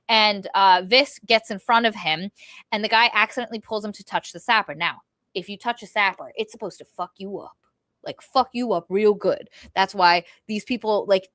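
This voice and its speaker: A woman's voice: medium pitch, sharp tone, no room sound, clean studio sound. Chatty woman retelling a book plot. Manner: rambling retelling with mock character voices. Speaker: podcast co-host. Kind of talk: casual book-review chat.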